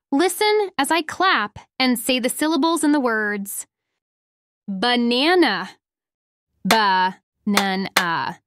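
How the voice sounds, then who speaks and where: A middle-aged woman, a first-grade teacher, gives a phonics lesson for young children and sounds out words slowly and clearly. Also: high-pitched, noisy background.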